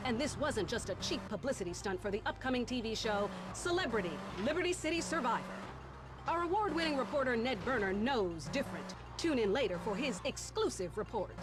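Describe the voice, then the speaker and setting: A woman voicing a female radio newsreader in a video game, reading a scripted news bulletin in a brisk, crisp manner. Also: fairly high pitch, expressive, lightly acted. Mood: newsy. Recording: game audio with music underneath.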